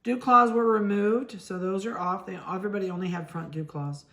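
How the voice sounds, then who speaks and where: A middle-aged woman from Ohio, a dog breeder, chatting casually as she handles puppies and talks softly to them. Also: mid-range voice, fairly even intonation, a little fast, slight background noise.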